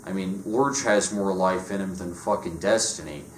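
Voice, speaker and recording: Sardonic man, low-ish voice, profane rant, echoey room. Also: normal speed. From United States. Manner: sarcastic, profane, dismissive. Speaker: comic book reviewer. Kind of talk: casual rant review. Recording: echoey room with faint noise.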